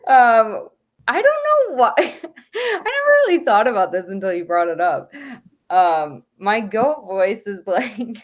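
Giggly, slow-talking woman with a lively voice. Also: mid-range voice. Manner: giggly, laughs through her sentences. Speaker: podcast co-host. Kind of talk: casual chat.

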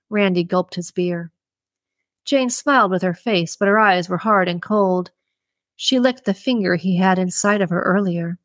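A woman reading a thriller audiobook in an even, measured way. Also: lowish voice, dry recording. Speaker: audiobook narrator. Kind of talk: scripted audiobook narration.

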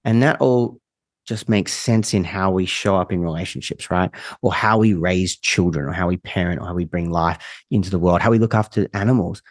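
A man's voice: low voice, a little fast, no echo. A man talking as a therapist guest on a podcast, candid and casual, swearing now and then, with a sarcastic streak.

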